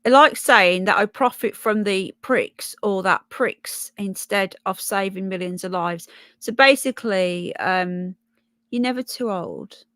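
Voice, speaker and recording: Brummie woman, livestream host, mid pitch, dry close sound, blunt and chatty. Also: unhurried, pushed and bright, no room sound. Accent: Brummie, with some Yorkshire. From Birmingham, England. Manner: chatty and blunt, swears, greets viewers with "love" and "sweetheart". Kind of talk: casual live chat reading comments and news.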